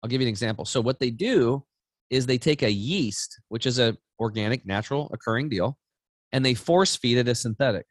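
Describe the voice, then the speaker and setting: A man in his forties, a podcast guest, chatting casually and telling stories with lively acted-out voices. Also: medium pitch, brisk, dry recording. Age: 40s. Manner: animated storytelling, acting out voices. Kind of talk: casual chat.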